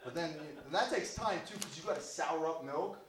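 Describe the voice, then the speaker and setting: A man's voice: a little high, a little fast. A man doing a stand-up comedy set, rambling and self-deprecating, swearing often, heard with audience laughter. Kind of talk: open-mic stand-up set. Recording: echoey room from far off, faint noise.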